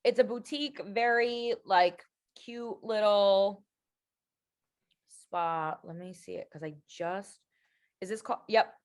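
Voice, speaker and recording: A young woman co-hosting a laid-back podcast, telling stories with lots of energy. She chats casually, bouncing between tales and quick asides, with an ordinary mid-range voice. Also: medium pitch. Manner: animated storyteller, slips into playful voices. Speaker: podcast co-host. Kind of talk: casual chat.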